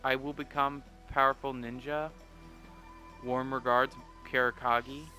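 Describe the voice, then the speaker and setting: A man's voice: medium pitch, level tone, a little slow, pushed and bright, soft background music. A man hosting a video game let's play, rambling in a self-deprecating way and swearing freely. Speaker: gaming video host.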